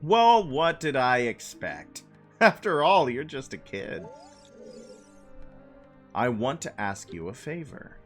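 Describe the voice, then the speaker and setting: A man's voice: mid-range voice, very animated, takes it slowly, pauses often, fairly bright tone, soft background music. A man reading aloud the lines of a bold young female thief who coaxes a kid into a favor, in a plain, slyly coaxing tone. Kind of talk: reading game dialogue aloud.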